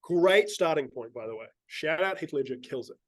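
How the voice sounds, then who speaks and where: This is a man hosting a casual podcast, with a voice pitched a bit high for a man. He is playful and swears freely, and he slips into mock quoted voices to tease his guest. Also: expressive, normal speed, no echo. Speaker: podcast host. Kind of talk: casual chat.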